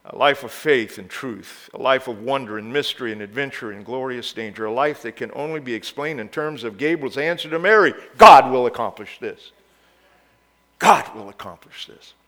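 A male pastor preaching a sermon. He moves from quiet, intimate passages to loud exhortation and leads the congregation in call-and-response. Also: mid-range voice, fairly quick, hardly any pauses.

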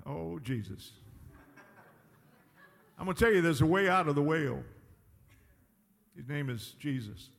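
A man's voice: a little high, lively intonation, a little slow, creaky, long pauses, in a large hall. A man preaching a sermon in a folksy, emphatic way, often chuckling at his own points. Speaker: pastor.

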